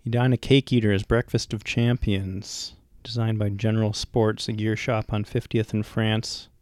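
A lower-voiced man from Minnesota co-hosts a casual movie podcast and reads out bits of research in a thoughtful way. The recording is dry and close-miked. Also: flat delivery, moderate pace, darkish tone, no room sound. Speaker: podcast co-host.

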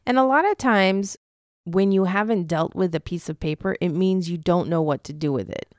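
A woman co-hosting a podcast, guiding listeners through a tapping session in a casual, expressive way and laughing often. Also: fairly low pitch, moderate pace, no room sound, clean studio sound. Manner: expressive, laughs often, acts out anxious self-talk. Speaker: podcast co-host and tapping practitioner. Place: studio.

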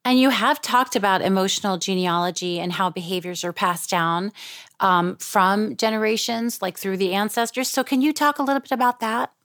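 A woman interviewing a guest, asking questions in a gentle, encouraging way. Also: mid-range voice, moderate pace, dry recording, studio quality. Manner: gentle, encouraging, with soft listening sounds.

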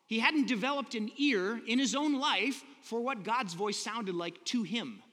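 Bright-voiced man preaching in a hall. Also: very high voice, measured pace. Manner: conversational, earnest, asks rhetorical questions. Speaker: pastor. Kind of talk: sermon.

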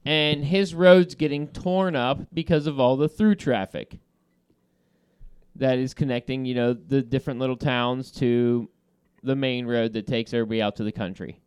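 A male podcast host with a medium-pitched, clear, resonant voice tells a heated story at a moderate pace during casual banter, swearing and laughing a lot. The recording is dry and studio quality.

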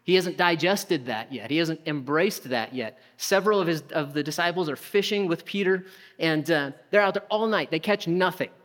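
Pastor, male, conversational sermon delivery with rhetorical questions, slightly raised pitch, big echoing hall. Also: normal speed, a bit bright. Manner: conversational preaching with rhetorical questions and acted-out quotes.

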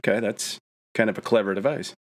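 Male podcast co-host, casual chat, animated, laughs a lot, acts out quotes. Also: fairly low pitch, quick pace. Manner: animated, laughs often, acts out characters' lines.

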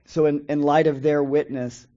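A man preaching a Bible lesson in a measured way, reading scripture slowly and pausing often. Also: fairly high pitch, little pitch movement, dark tone, lo-fi sound. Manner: measured, reads scripture slowly with pauses and restarts. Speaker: preacher teaching a Bible study. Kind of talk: sermon-style Bible teaching.

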